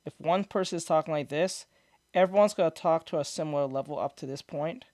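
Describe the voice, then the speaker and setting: A streamer with a fairly quick, slightly mellow, high-leaning male voice chats casually on a live stream, responding to viewer comments. He rambles through explanations, restarts sentences, and laughs at his own jokes. The desk mic picks him up with no echo.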